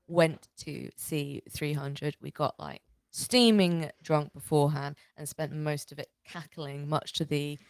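A woman's voice: sits low, unhurried, creaky, no room sound, clean studio sound. A young woman co-hosting a casual podcast, telling a rambling story full of fillers and restarts. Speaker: podcast co-host.

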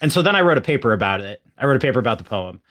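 A young man in casual podcast chat who rambles through academic stories with frequent restarts. His voice sits at an average pitch. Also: big pitch swings, racing, a bit bright. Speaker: podcast co-host.

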